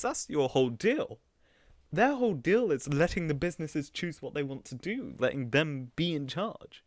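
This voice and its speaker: A man streaming live reactions in a chatty, mocking way, his laughter breaking in often. His pitch swings widely as he talks. The sound is dry and close to the mic. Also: expressive, moderate pace, no room sound. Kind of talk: casual reaction commentary.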